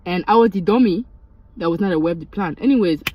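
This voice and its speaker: A young woman, casually telling a storytime and switching into high, animated quoted voices. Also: fast, lo-fi sound, slight background noise. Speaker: vlogger.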